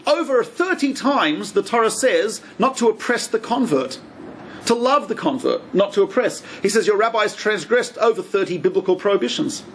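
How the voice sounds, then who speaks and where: A man, a rabbi, giving a lively lecture on religious law and acting out quoted speech with humor. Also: high-pitched, moderate pace, a little hiss or hum. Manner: lively, joking storyteller who acts out quoted speech.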